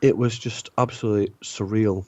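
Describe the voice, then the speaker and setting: A man, a podcast guest, telling a long anecdote in a rambling, animated way and acting out the dialogue. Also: lowish voice, a little fast, dry recording. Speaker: podcast guest, former club DJ. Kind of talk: casual storytelling. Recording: dull lo-fi podcast audio.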